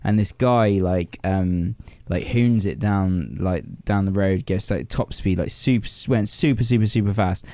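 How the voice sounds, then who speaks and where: Relaxed lower-voiced man chatting on a podcast. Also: a little slow, hardly any pauses, no room sound. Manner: relaxed, easygoing, lots of "like". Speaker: podcast co-host. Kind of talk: casual chat.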